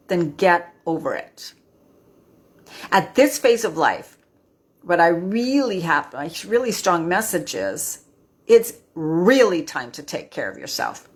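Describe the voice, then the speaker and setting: A woman in her fifties giving an earnest motivational talk on a live stream, often ending her points with a questioning "right?". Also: fairly low pitch. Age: 50s. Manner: earnest, tags lines with "right?". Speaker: midlife wellness host.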